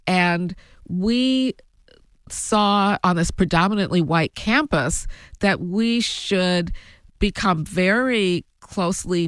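A woman telling her family story as an interview guest, reflective and given to soft laughs. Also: medium pitch, dry recording, clean studio sound. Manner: slow, reflective, laughs softly between thoughts. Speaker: guest, author.

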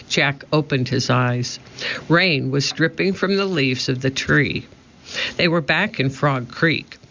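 Man, children's storybook narrator, slow, bright, muffled. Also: mid-range voice. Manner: steady, expressive reading. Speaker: audiobook narrator. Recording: muffled lo-fi audio.

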